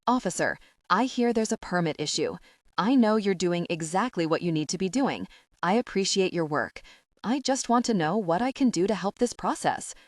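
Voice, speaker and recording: A woman's voice: mid-range voice, lively intonation, moderate pace, no echo, studio quality, natural voice. A woman voicing a poised woman state senator in an audiobook, speaking politely but with firm authority.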